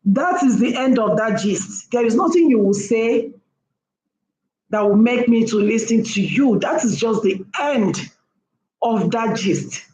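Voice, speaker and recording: A woman's voice: a little high, a little mellow, echoey room, rough recording. A woman talking casually to camera as a vlogger, emphatic and repeating her points for stress.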